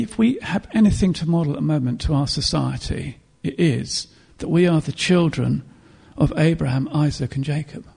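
A man preaching a sermon in an earnest, reflective way, pausing to clear his throat and restart phrases. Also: on the high side, mellow.

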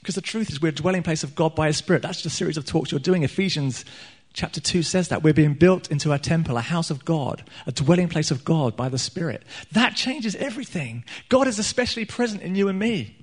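A man's voice: fairly high pitch, fast, few pauses, husky. A man, a church pastor, preaching a sermon in a church hall with earnest, emphatic delivery and frequent restarts. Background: soft guitar playing.

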